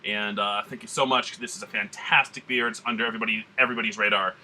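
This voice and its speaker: This U.S. beer reviewer talks quickly in a fairly low, steady voice with a bright, forceful tone. Hosting his easygoing tasting vlog, he puts on a Southern drawl and rambles with plenty of slang.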